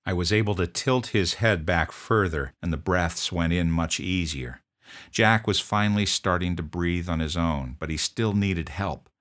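A man narrating a first-person account of an emergency call, in a steady, measured telling. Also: a bass voice. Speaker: first responder recounting a call.

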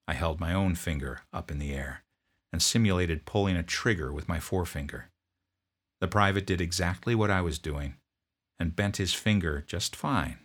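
A man who served as a drill sergeant, telling a story from his service in a gruff, blunt way. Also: low-pitched, moderate pace, a bit bright. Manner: gruff, barking commands when quoting himself. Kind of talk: storytelling narration.

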